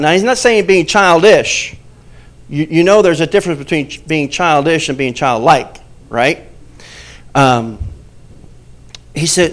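A male pastor preaching a sermon, emphatic, quizzing the congregation and dropping from loud points to soft, quiet asides. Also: a little high, lively intonation, normal speed.

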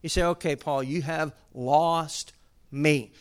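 A male pastor, preaching a sermon in a conversational way that rises to loud, emphatic bursts. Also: on the high side, steady tone, slow pace, smooth.

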